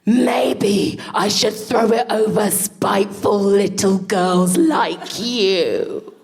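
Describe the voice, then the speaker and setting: A woman's voice: lowish voice, normal speed, gravelly. A woman quoting a spiteful male schoolteacher in a cold, clipped voice.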